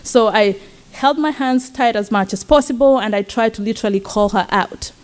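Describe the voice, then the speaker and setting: A young Kenyan woman, a student, telling a personal story at a campus talk event in an earnest, warm way with soft laughs. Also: on the high side, moderate pace, clear, resonant tone. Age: young adult. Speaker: student speaker. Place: event stage.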